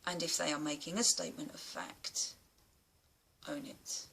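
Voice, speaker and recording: A woman's voice: deep voice, sing-song, fairly quick, pushed and bright, a little hiss or hum. A woman talking blunt and emphatic to camera in a casual vlog, swearing now and then. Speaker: vlogger.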